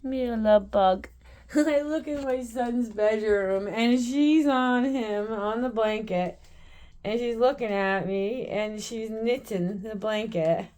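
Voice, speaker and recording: A woman's voice: fairly high pitch, slow, darkish tone. A woman at home chatting casually while filming her cats, laughing often and cooing at her pets. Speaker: pet vlogger. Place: at home, indoors.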